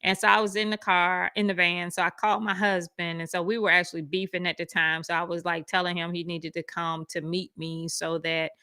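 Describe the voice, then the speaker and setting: A woman casually telling a personal story, animated and acting out the voices of the people in it. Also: fairly quick, few pauses, smooth, no echo. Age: adult with school-age kids. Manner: animated, acts out quoted voices with big pitch jumps. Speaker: speaker sharing a personal testimony.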